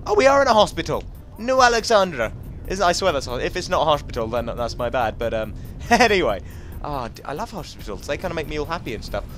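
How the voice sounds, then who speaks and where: With a slightly high, sing-song and fairly bright voice, a young English man chats quickly and jokily through a video game let's-play, talking to the enemies as faint music plays behind.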